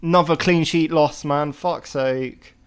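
A man's voice: on the high side, steady tone, a little slow, clean tone. Exasperated man commentating a game. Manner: exasperated, swearing, exclamatory outbursts. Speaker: gaming video creator. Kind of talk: live gameplay commentary to chat.

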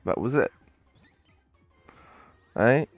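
A man's voice: medium pitch, lively intonation, extremely slow, no echo, faint music behind. A man hosting a game playthrough, retelling a story in a rambling, hesitant way with many fillers. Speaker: let's play host.

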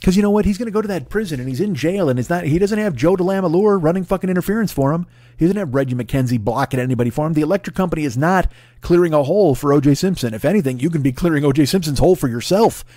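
Profane ranting man, higher-pitched voice. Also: lively intonation, racing, warm tone, no room sound. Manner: profane, ranting, riffing with laughs and restarts. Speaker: podcast host. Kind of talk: solo comedic monologue.

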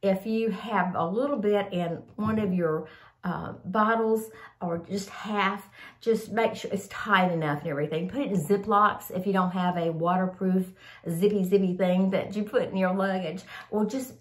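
Older woman, sniffly, rambling casual chat, mid-pitched voice, echoey room. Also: moderate pace. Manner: rambling, chatty, addresses viewers as y'all. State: sniffly with a cold. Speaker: vlogger sharing favorite products.

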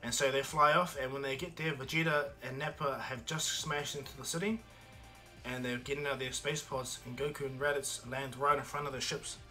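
A man's voice: mid-range voice, fairly even intonation, fairly quick, bright, forceful tone, faint music behind. A man casually telling a homemade fan story, rambling with many restarts and fillers. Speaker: fan storyteller, channel host.

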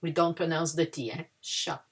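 A woman, teaching children vocabulary and pronouncing each word slowly and carefully. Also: on the low side, animated, a bit bright, slight background noise. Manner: slow, exaggerated word-by-word pronunciation. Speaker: French teacher.

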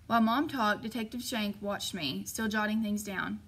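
A woman narrating a first-person novel as an audiobook, steady and measured. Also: medium pitch, poor audio.

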